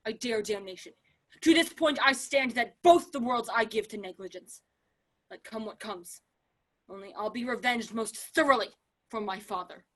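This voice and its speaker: Actress as a vengeful young man, bright and high, fierce outbursts and hushed vows. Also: expressive, a little slow, heavily acted, low-quality recording. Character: Laertes, furious young man seeking revenge. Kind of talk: amateur remote play reading.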